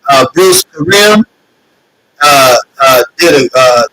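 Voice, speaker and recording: A man's voice: mid-range voice, lively intonation, slow pace, bright, forceful tone, a little hiss or hum, low-quality recording. A man hosting a live stream, reading viewer comments and addressing his audience in an earnest, repetitive, preacher-like cadence with many fillers; he is emotional. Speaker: host of a streaming show.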